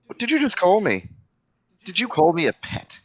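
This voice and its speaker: A man's voice: high voice, wildly swooping pitch, moderate pace, voice pushed up, heavily acted. A man voicing O'Malley, a prickly, easily offended young werewolf. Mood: indignant. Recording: dull lo-fi recording.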